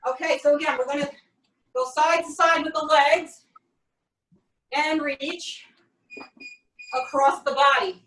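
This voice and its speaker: Her high, steady voice moves at a measured pace with frequent pauses and a slightly bright quality. She's a fitness coach guiding a home workout, counting repetitions and giving cheerful cues one step at a time. The room echoes, and the mic is some distance away.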